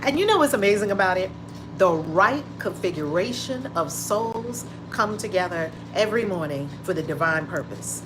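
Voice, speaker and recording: A woman's voice: mid-range voice, lively intonation, normal speed, music in the background. A woman hosting a casual livestream from home, greeting viewers by name with lots of exclamations. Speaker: livestream host. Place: home room with window open. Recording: noisy home livestream audio.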